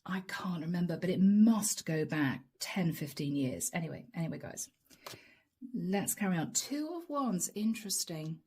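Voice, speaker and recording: A woman giving a channeled tarot reading, speaking slowly and softly, sometimes dropping into a whisper. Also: fairly low pitch, expressive, slightly rough. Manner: slow, soft, drawn-out delivery with whispered asides. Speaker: tarot reader.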